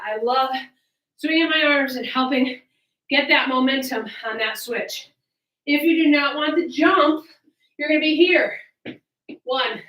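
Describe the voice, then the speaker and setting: A woman's voice: high-pitched, bright, forceful tone, roomy sound, far from the mic, rough recording. A woman fitness coach leading a workout, upbeat and coaching through the moves while out of breath. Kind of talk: workout instruction. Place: home workout space with fan.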